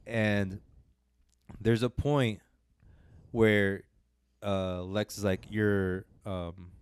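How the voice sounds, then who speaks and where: Low smooth-voiced man in casual chat. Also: fairly even intonation, very slow, no echo, studio quality. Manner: rambling, restarts often while retelling. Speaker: podcast co-host.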